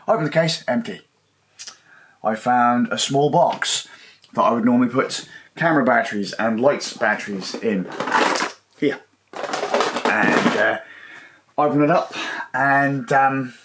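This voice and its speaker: A man's voice: mid-range voice, fairly bright tone. A man rambling casually and swearing as he laughs at himself over lost gear at home. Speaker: livestreamer.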